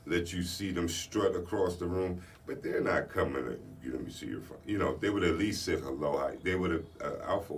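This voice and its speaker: A man's voice: low-pitched, normal speed, few pauses. A man co-hosting a casual radio talk show, giving laid-back opinions. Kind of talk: casual chat. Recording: distant mic, faint room noise.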